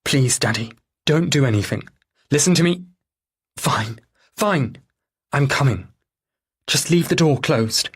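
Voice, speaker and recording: A man's voice: medium pitch, expressive, measured pace, pauses often, slightly rough, voice pushed up. A man voicing a tense, pleading young wife. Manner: pleading, strained. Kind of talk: audiobook dialogue.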